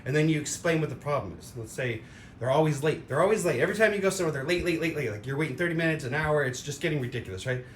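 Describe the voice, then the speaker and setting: Rambling man in an echoey room. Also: racing. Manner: rambling, animated, fillers, sound effects. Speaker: vlogger. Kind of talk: casual opinion monologue. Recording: roomy echo with faint rumble.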